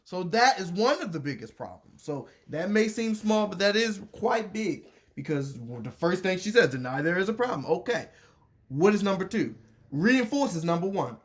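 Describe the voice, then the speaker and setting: Guy reading a letter out loud n talking it over, kinda high voice, loops back on his points a lot. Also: big pitch swings, normal speed. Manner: rambling, repeats points, restarts sentences. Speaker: commentator reading a letter aloud. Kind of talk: casual chat.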